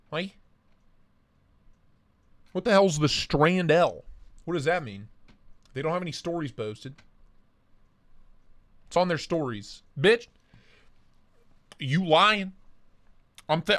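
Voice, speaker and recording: In a sing-song, fairly bright voice on the high side, a man streams live from his home office, reading chat comments and greeting viewers by name. He talks a little slowly with long pauses, makes crude jokes, and is breathless from a big meal.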